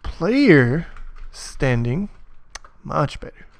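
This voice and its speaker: A man's voice: on the high side, big pitch swings, drawn-out words, vocal fry, dry recording. A man narrating a casual coding tutorial as he types, muttering, swearing often and mocking himself. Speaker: programming tutor.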